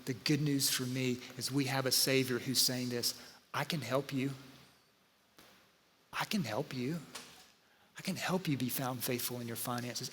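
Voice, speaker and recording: A man, preaching a sermon full of stories and speaking straight to his congregation in a lively, conversational way. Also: mid-range voice, slight background noise. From Georgia, USA. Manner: animated, conversational, talks to the audience. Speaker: pastor. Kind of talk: sermon with storytelling. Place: church auditorium. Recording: live church hall with long reverb.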